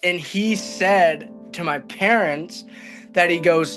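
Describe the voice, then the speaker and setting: A man's voice: high voice, slow pace, fairly bright tone. A young man telling a personal story as a podcast guest, rambling and filling his speech with "like". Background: background music.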